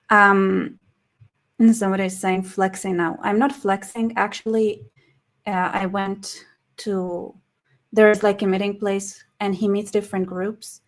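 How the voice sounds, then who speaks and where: Tired hoarse woman chatting on a live stream, rambly, keeps restarting sentences, reads out the chat. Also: mid-range voice, fairly even intonation, takes it slowly, long pauses. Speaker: livestream host.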